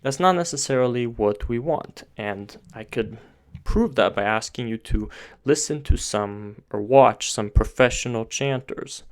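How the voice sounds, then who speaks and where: A man's voice: medium pitch, unhurried, hardly any pauses, clean tone. Man explaining singing technique. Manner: talks with his hands, pointing to parts of his throat and face; restarts sentences while thinking aloud. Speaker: voice teacher.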